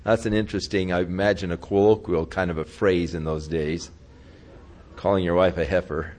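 A man's voice: sits low, steady tone, normal speed, darkish tone, slight background noise. A male pastor telling a story in a casual, folksy sermon style during a weekly Bible study. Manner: casual, folksy retelling with chuckles.

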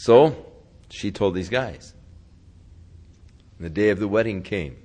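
A man's voice: on the low side, takes it slowly, darkish tone. A male pastor telling a story in a casual, folksy sermon style during a weekly Bible study. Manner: casual, folksy retelling with chuckles.

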